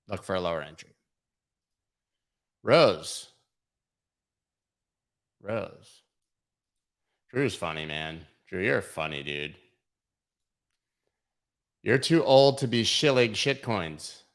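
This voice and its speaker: A man's voice: lowish voice, animated, slow pace, long pauses, fairly bright tone. A man hosting a crypto livestream, going over charts in casual, irreverent commentary full of swearing and mockery. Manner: irreverent, profane, mocking.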